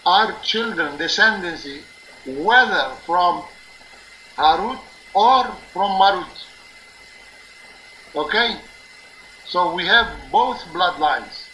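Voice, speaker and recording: High, very bright-voiced man explaining insistently. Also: a little hiss or hum, rough recording. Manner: earnest, insistent explaining with frequent "uh" and "okay?" check-ins. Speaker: live-stream show host. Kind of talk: live religious talk show, explaining to callers. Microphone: live stream or call-in line.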